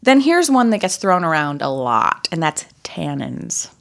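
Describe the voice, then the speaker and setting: A woman's voice: deep voice, unhurried, gravelly. A young woman co-hosting a podcast, explaining things casually with lots of fillers. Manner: lively, explains with many fillers. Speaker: podcast co-host. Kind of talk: casual chat.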